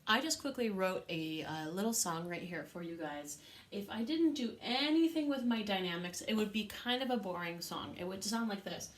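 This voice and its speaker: A woman's voice: mid-range voice, lively intonation, normal speed, a little hiss or hum. A woman teaching a music lesson to young children, patient and encouraging, with a sing-song teacher manner.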